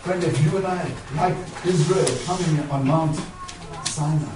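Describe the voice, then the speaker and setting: A man's voice: a little high, steady tone, unhurried, noisy background. A man preaching a sermon, emphatic and repetitive, telling a story, in an echoey church heard from far off.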